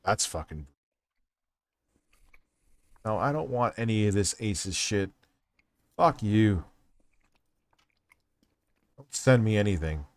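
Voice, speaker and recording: A man's voice: lowish voice, lively intonation, slow pace, long pauses, dry recording. A man hosting a casual livestream, swearing and ranting in exasperation at a device. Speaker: streamer host.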